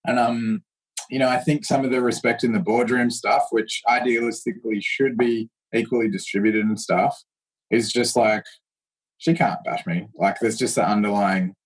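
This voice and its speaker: A man's voice: medium pitch, moderate pace, low-quality recording. A man, a martial arts instructor, telling stories in a casual interview and acting out the voices of the people he quotes. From Australia. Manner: animated storyteller who acts out quoted voices.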